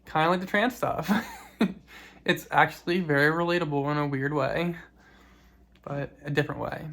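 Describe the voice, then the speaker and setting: A woman talking in a personal vlog, soft and reflective, grieving, with small laughs between her words. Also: sits low, steady tone, moderate pace. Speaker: vlogger.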